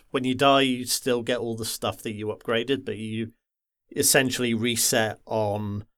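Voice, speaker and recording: A man from the Wirral in England, chatting casually about a game on a podcast and rambling with lots of pauses and filler sounds. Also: medium pitch, clean tone. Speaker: podcast co-host.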